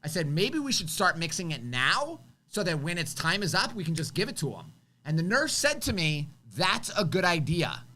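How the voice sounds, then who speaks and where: A man co-hosting a live show tells an emotional story, animatedly acting out what people said and swinging between loud and soft. His voice is a little high and moves at normal speed.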